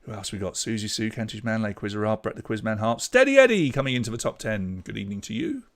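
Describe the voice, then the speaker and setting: Chatty quizmaster reading questions. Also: male voice, on the low side, lively intonation, fast talker. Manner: chatty, jokey asides between reading questions. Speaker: online pub quiz host. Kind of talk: live quiz hosting, casual chat.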